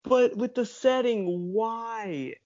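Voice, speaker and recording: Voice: medium pitch, slow, darkish tone, no room sound. A podcast co-host in casual chat, exasperated and full of rhetorical questions. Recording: dry muffled lo-fi.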